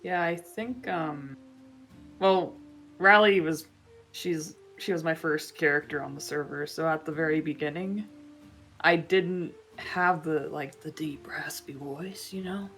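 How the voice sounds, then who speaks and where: A woman with a very low voice chats on a podcast. She rambles in a relaxed way and uses lots of fillers. Faint music plays under her. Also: measured pace. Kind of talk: casual podcast chat.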